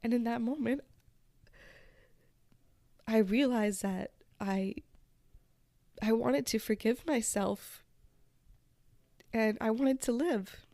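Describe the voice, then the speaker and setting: A woman hosting a podcast, telling a personal story in a slow, reflective and emotional way, at times close to tears. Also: a little high, dark tone, dry recording. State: tearful. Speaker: podcast host.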